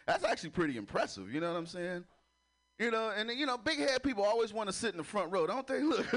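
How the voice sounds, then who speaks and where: A man doing a crude stand-up routine on a comedy club stage, laughing at his own jokes as he tells stories. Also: on the high side. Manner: crude, laughing, animated storytelling.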